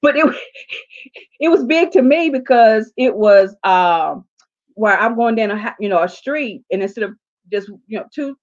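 A woman's voice: fairly high pitch, measured pace, highs cut off. A woman, a life coach telling her story in an interview and acting out her own dialogue. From southern United States. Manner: animated, acts out her own dialogue in quotes.

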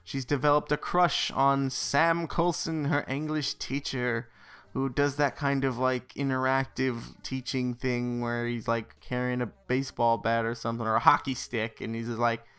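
A man's voice: mid-range voice, little pitch movement, moderate pace, a bit bright, clean tone. A man casually recapping a movie on a podcast, rambling with many fillers and dropping wry, sarcastic asides. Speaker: podcast co-host. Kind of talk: casual film recap chat.

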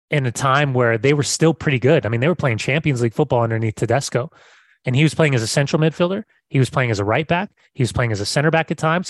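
A man's voice: mid-range voice, dry recording. An American man co-hosting a soccer podcast in a casual, enthusiastic chat, often repeating words as he restarts. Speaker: podcast co-host.

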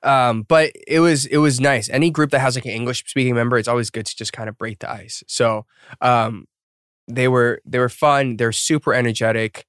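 A podcast host in his thirties tells stories casually, chatting and laughing frequently while putting on voices for quotes. His mid-range voice is steady, clean, and a bit bright, at a moderate pace, in a dry studio-quality recording.

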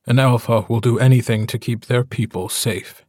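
A man playing a gentle alpha werewolf. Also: medium pitch, fairly even intonation, dry recording, studio quality, lightly acted. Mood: somber. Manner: soft, slow and soothing. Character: gentle, steady male alpha werewolf, a dead husband.

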